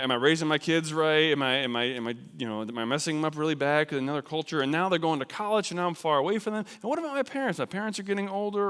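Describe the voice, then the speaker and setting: Man preaching in a reverberant church. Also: fairly high pitch. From New Jersey, USA. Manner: conversational, animated, self-deprecating. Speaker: missions speaker. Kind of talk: sermon. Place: church sanctuary. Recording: long hall reverb.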